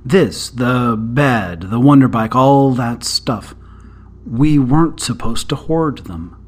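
A man voicing a quiet, earnest man who weighs his words, read aloud as part of a story. His voice sits at a middling pitch, measured and plain. The part stays close to the reader's own voice. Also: expressive.

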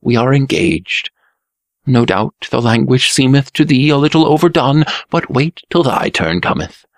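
A man's voice: mid-range voice, expressive, normal speed, no room sound, studio quality, voice pushed up, natural voice. A man voicing a nervous young prince who stammers and speaks in old-fashioned language in a storybook reading. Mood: earnest. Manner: stammering, archaic speech.

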